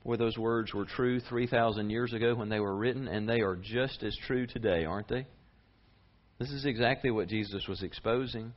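A man preaching a sermon as a pastor, conversational and lively, with big rises and drops in his voice. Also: moderate pace, muffled recording. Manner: lively, conversational preaching with sharp swings in pitch and volume.

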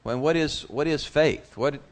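A man's voice: fairly high pitch, measured pace. Conversational man preaching a sermon. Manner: conversational, acts out quoted voices. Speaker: pastor.

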